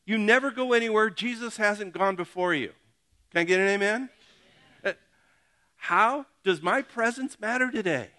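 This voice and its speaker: A middle-aged pastor delivers a casual, conversational sermon, joking and animated as he checks in directly with his congregation. His voice sits slightly high and sounds bright and forward, at a normal speed.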